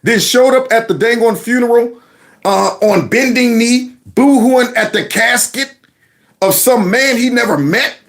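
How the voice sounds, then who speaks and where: A man hosting a political commentary vlog, talking in an animated, mocking, folksy way. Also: extremely high pitch, measured pace. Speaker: commentary channel host.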